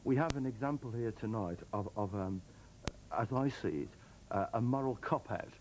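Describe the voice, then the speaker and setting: A man's voice: medium pitch, normal speed, darkish tone, slight background noise, rough recording. A man speaking as a councillor in a studio debate, emphatic and repetitive in making his point. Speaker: opposition councillor. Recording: TV studio with audience.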